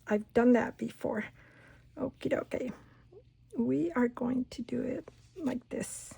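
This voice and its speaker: Slow, husky woman chatting while crafting. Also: fairly high pitch. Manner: chatty, talks herself through each step, drops into soft whispers. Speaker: craft channel host. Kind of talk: casual crafting tutorial.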